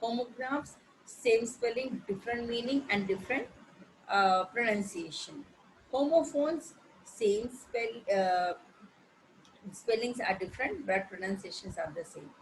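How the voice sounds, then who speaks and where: A woman teaching an English vocabulary lesson, explaining slowly, spelling words letter by letter, with frequent pauses and fillers. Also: a little high, a little hiss or hum, rough recording. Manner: hesitant, with frequent fillers and self-corrections.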